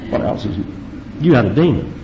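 A man preaching a verse-by-verse sermon as pastor, emphatic and animated, with rhetorical questions to his listeners. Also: mid-range voice, a little fast, noisy background. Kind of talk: expository sermon. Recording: dull lo-fi recording.

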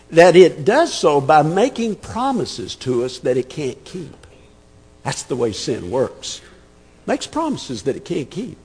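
A man's voice: fairly high pitch, a little mellow, breathy edge, long reverb tail. A man preaching an expository sermon, emphatic and conversational, repeating words as he thinks. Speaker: pastor.

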